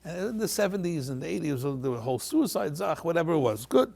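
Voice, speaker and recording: A man telling a heartfelt personal story on a panel, animated and repeating phrases as he acts out the people in it. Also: on the high side, quick pace, vocal fry. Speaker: panel guest.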